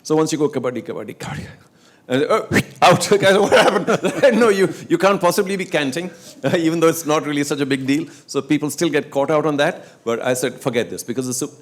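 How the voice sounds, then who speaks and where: A man's voice: on the high side, quick pace, hardly any pauses. A middle-aged man, telling stories in casual talk on stage and acting out quotes and chants. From India. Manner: animated storyteller, acts out quotes and chants. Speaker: guest speaker on sports leagues.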